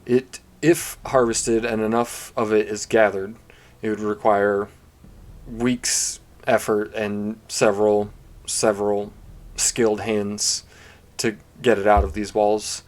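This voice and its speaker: A man narrating a tabletop game as game master in a measured, descriptive way. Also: on the low side, level tone.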